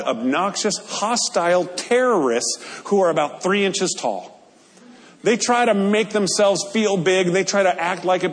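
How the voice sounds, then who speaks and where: A male pastor preaching a sermon in an earnest, conversational way, often checking in with his listeners. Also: a little high. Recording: long hall reverb.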